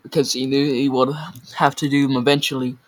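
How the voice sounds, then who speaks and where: A man's voice: mid-range voice, flat delivery, brisk, poor audio. A man reading a story aloud in a casual way, often stumbling over words and correcting himself.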